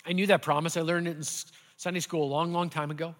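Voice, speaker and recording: A man preaching a sermon as pastor, earnest and building at times to animated intensity, in a church sanctuary. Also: on the high side, brisk, few pauses. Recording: hall reverb.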